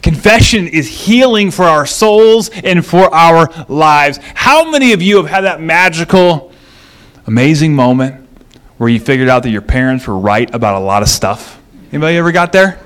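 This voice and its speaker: A middle-aged man preaching a sermon as a pastor, telling stories in an animated way that moves between lively and hushed. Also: a little high, moderate pace, clean tone.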